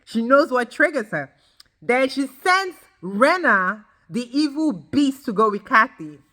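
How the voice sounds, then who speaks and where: A woman's voice: sits high, measured pace. A woman giving a ranting recap of a reality show, emphatic and blunt, swearing freely and talking straight to her viewers. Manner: emphatic, animated, addresses viewers directly. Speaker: reality TV reviewer.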